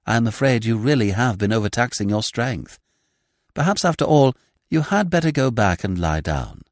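A man's voice: mid-range voice, lively intonation, normal speed, no echo, clean studio sound, natural voice. A man voicing a sentimental middle-aged woman poet who fusses effusively over her companion. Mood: gushing. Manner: effusive, fussy, falsely solicitous.

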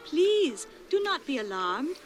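High, lively restaurant hostess. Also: female voice, takes it slowly, over loud music, heavily acted. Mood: welcoming. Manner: reassuring, welcoming. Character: polite female restaurant hostess.

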